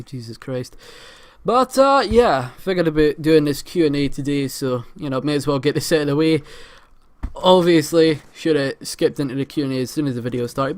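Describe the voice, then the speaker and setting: A man with an Edinburgh Scottish accent, telling a rambling, profane, amused story as host of a gaming channel. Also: mid-range voice. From Scotland. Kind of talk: casual storytelling vlog.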